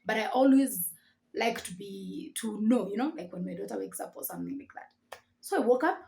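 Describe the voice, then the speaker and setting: A woman with a Kenyan accent tells a personal story to camera, lively and acting out the dialogue. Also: medium pitch, normal speed, slight background noise. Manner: animated, acts out the dialogue. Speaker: vlogger.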